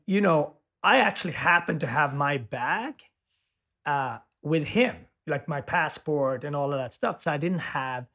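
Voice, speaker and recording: A man's voice: fairly high pitch, gravelly, a bit bright, breathy edge. Storytelling man on muffled audio. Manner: rambling storyteller with many restarts. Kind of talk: casual conversation.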